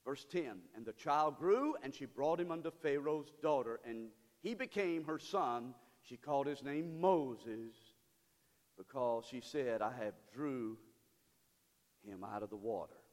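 A man preaching a sermon as pastor. He moves from loud cries to hushed pleading. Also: medium pitch, a little slow, long reverb tail. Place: church sanctuary.

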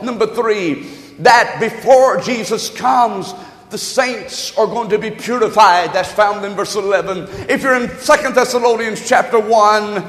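A man preaching a sermon as pastor, reading scripture and calling on the congregation, with slowed, shouted emphasis on key words. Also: very high-pitched. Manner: calls to the congregation for amens and note-taking. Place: church sanctuary. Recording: echoey hall, long reverb.

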